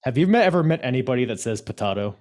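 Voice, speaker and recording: A male podcast host chats casually about wrestling in a halting way, full of fillers and restarts, and laughs easily. His mid-range voice has lively intonation and a darkish tone.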